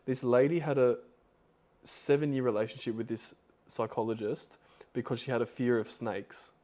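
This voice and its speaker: A man's voice: medium pitch, fairly even intonation, normal speed, dark tone. A man hosting a podcast, retelling a story in a loose, rambling way with lots of fillers. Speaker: podcast host.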